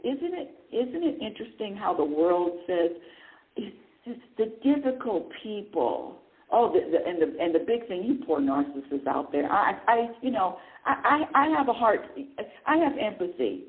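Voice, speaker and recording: A woman hosting a spiritual talk radio show, speaking in an animated way. She asks herself questions, answers them, and chuckles often. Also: on the low side. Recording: narrow phone-like line.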